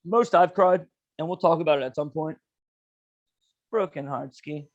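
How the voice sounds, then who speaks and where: A young man with a notably high voice tells a story on a podcast. He is animated and slangy, swears freely and drops "dude" into nearly every sentence. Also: normal speed, dull audio, slight background noise. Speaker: podcast co-host. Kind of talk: casual storytelling chat.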